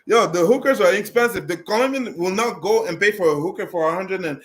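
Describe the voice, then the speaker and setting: A man's voice: high-pitched, a little fast, a bit bright. A man vlogging in a casual, rambling way as he answers viewer questions, talking bluntly with many restarts and fillers. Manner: blunt and direct.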